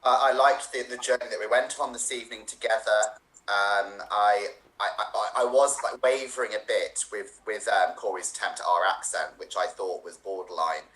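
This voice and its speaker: Low-voiced man giving dry feedback. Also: fairly even intonation, normal speed, fairly bright tone, reverberant, low-quality recording. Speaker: improv guest judge. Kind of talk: casual comment on a show.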